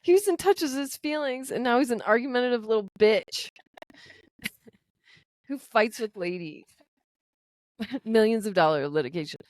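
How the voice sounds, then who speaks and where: Young woman, high and animated, teasing podcast co-host, dry close mic. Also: normal speed, pauses often, no room sound. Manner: teasing, laughs a lot, pushy. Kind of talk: casual chat.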